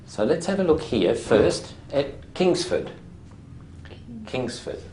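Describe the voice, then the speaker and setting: A language teacher explaining syllable stress to a class, modelling words slowly and deliberately, and prompting students with short questions. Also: mid-range voice, big pitch swings, mellow, slight background noise.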